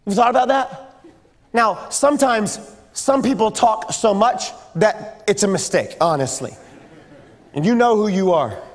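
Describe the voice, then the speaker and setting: Male pastor, very high voice, jokey youth sermon, long church-hall reverb. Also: expressive, unhurried. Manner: playful, joking, acts out sounds. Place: church sanctuary.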